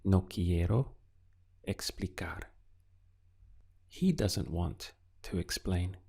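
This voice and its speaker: Slow, gravelly-voiced male language teacher. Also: sits low, expressive, mellow. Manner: slow, deliberate prompts with pauses for answers. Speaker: Spanish teacher. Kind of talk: recorded language lesson.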